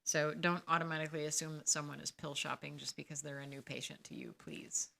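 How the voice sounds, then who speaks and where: Blunt low-voiced woman podcaster. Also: little pitch movement, quick pace, vocal fry, pushed and bright. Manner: blunt, advising, grows emphatic and scolding. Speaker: podcast host sharing her experience. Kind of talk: casual podcast monologue.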